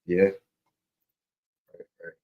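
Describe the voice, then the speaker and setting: A Bible study teacher speaks very slowly over phone-quality sound, teaching scripture in a loose, joking, slangy way. He keeps checking in with "you know what I'm saying."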